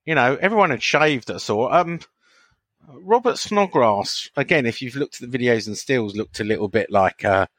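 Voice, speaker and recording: A man's voice: medium pitch, lively intonation, normal speed, a bit bright, no echo. A man co-hosting a podcast, chatting casually, hesitant, defending himself with stammering restarts. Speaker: podcast co-host. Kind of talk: casual chat.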